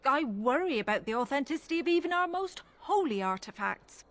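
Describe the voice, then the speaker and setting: This fantasy video game role, a pious and thoughtful chantry relic curator, is voiced by a woman with an Irish accent. She sounds high and sing-song yet earnest and measured, and the recording is dry.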